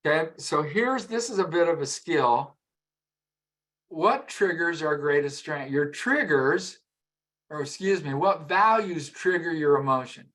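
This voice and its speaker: Higher-voiced man teaching a live class. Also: lively intonation, measured pace, a bit bright. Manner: conversational, repeats words, asks the audience questions. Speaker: emotional intelligence trainer. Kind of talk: live masterclass lecture.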